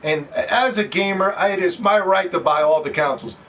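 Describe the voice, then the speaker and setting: A man's voice: high-pitched, brisk, fairly bright tone. Smug console gamer guy, as a man mocks him. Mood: mocking. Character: smug adult male console gamer making excuses. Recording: distant mic with faint background noise.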